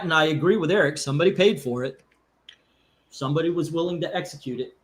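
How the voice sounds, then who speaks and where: A man's voice: on the high side, fast talker. A man co-hosting a casual live stream, emotional and rambling, sometimes flaring into anger. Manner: emotional, rambling, rising to angry outbursts. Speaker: co-host of a comics channel.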